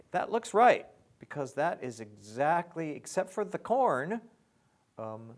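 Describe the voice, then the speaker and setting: A middle-aged man teaching lyric scansion in an online lesson, with halting restarts, dry asides and rhythms spoken aloud. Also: a little high, big pitch swings.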